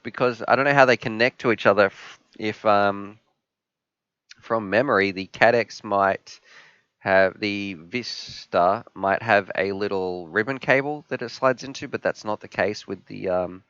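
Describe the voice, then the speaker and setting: Male host, 30s, animated rambling storyteller, smooth clear voice. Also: on the low side, unhurried, no echo, dull audio. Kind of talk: live stream Q&A chat.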